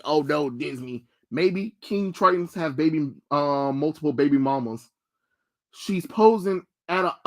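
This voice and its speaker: A young man streaming live, reacting to trailers with blunt, mocking, profane rants. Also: fairly high pitch. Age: young adult.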